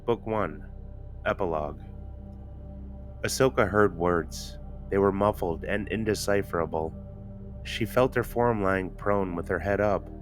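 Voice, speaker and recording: A man narrates an audiobook-style story in a measured, even delivery. His voice sits very low, and quiet music plays faintly underneath. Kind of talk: audiobook narration of fan fiction.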